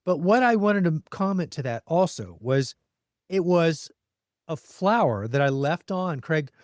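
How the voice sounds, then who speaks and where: A man's voice: on the high side, expressive, measured pace, dry recording, clean studio sound. A man hosting a podcast, chatting casually and animatedly about his garden. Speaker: podcast host.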